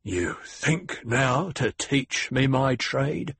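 A proud, prickly older security chief, played by a male reader, biting off his words in a clipped, defensive growl. The voice is raspy and husky, a little high. It's recorded close and dry in an audiobook reading. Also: sing-song, moderate pace, dry recording, heavily acted. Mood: stiff, defensive. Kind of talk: audiobook character voice.

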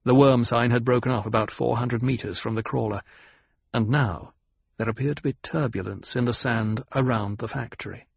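A man narrating a novel in a measured, even storytelling manner. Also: mid-range voice, creaky, breathy edge, no room sound. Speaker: audiobook narrator. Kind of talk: scripted narration.

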